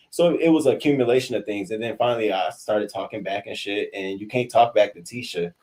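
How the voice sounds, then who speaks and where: A young adult man talks in a confessional storytelling style, and his voice sits a little low. He is animated and profane, and he breaks into the voices of the people he is quoting. The delivery moves loosely between swagger and exasperation.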